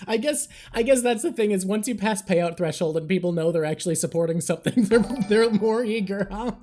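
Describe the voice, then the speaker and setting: A livestream host with a lowish voice chats casually with her audience. She's excitable and swears, talking in rushed bursts as she thanks her viewers.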